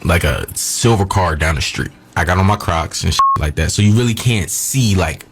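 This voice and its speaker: A man's voice: sits low, normal speed, background noise. A man telling a crude, funny story in a clip played on air. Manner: crude, laughing anecdote. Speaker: social media clip speaker. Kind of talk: casual storytelling.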